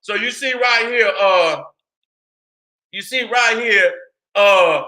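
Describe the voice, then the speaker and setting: A man's voice: sits high, takes it slowly, sharp tone. A man hosting his channel, giving a heated, profane lecture and constantly asking whether listeners follow him. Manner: profane, emphatic, keeps asking "you see what I'm saying". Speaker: channel host.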